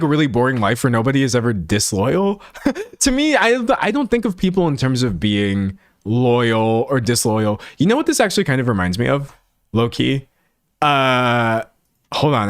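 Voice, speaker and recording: A man chatting casually on a livestream, animated and laughing often. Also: mid-range voice, no room sound, clean studio sound. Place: home streaming setup in front of a pink backdrop.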